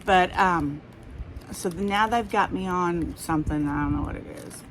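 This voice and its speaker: A woman's voice: fairly low pitch, measured pace, background noise. Rambling Southern woman chatting to viewers. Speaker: haul vlogger. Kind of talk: casual chat to viewers.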